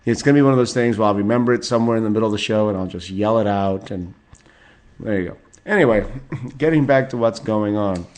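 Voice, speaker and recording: A man's voice: fairly low pitch, fast, a little mellow. A man in his forties hosting a solo podcast, reading out celebrity birthdays with rambling, profane asides and chuckles. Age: 40s. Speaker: podcast host.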